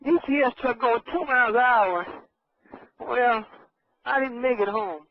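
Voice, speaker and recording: A man's voice: extremely high pitch, unhurried, no room sound. A man with a Los Angeles accent telling a rambling comic story as a regular caller, losing his train of thought. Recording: dull radio broadcast audio.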